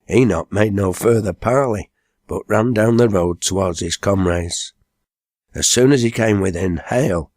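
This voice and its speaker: A low-pitched man narrating an audiobook, unhurried and measured. His voice is recorded dry and close, with no room sound at all. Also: a little mellow, no room sound. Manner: measured, plain storytelling. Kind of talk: scripted narration.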